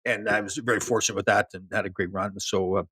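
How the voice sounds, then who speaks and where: Older male guest, husky, quick, low voice; dry close sound. Animated storyteller. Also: dry recording. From Canada. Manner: animated storyteller, laughs, many restarts. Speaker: guest, former pro hockey player. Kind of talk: casual storytelling interview.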